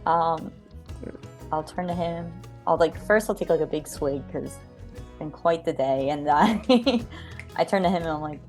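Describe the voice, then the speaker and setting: Hesitant woman player, low voice. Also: measured pace, a little mellow, faint music behind. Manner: hesitant, apologetic, giggly. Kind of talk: casual tabletop play.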